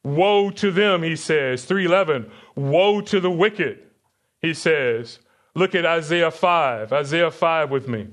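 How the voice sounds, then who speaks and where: A man's voice: fairly high pitch, slow, a bit bright. A man preaching a sermon as pastor, reading verses aloud and putting questions to his congregation. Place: church sanctuary.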